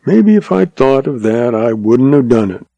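A man voicing a quiet, steady young cowboy who speaks slowly. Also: mid-range voice, vocal fry, no room sound. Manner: slow, quiet.

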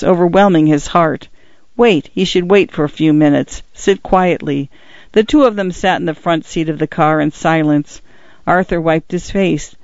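A man narrating an audiobook in a measured, tense, dramatic reading. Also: sits high, a little mellow, dry recording, highs cut off.

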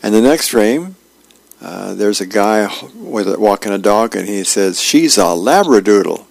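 A man with a low, gravelly voice reads newspaper comic strips aloud, plain and unhurried, with the occasional filler. The sound is dry and close, with no room sound.

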